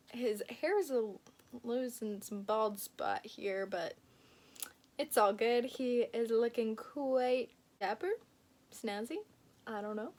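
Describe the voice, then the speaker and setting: A young woman book vlogger chatting casually and gushing as she unboxes gifts, giggling often. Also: a little high.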